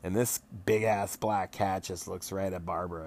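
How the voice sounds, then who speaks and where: A man acting as game master, recapping a tabletop session in a casual, animated and profane way, laughing often. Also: low-pitched, moderate pace, a little hiss or hum.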